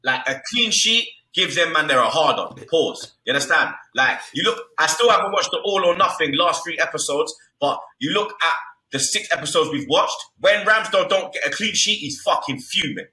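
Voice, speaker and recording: Loud swearing young man. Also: on the high side, expressive, moderate pace. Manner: loud, swearing, repeats street slang tags. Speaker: football podcast co-host. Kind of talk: heated casual football banter. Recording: echoey room.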